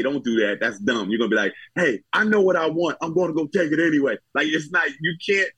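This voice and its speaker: A man from New Jersey, a guest comedian, talking casually in a relaxed, laid-back way. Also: mid-range voice, slightly rough, no room sound, poor audio. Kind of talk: casual chat.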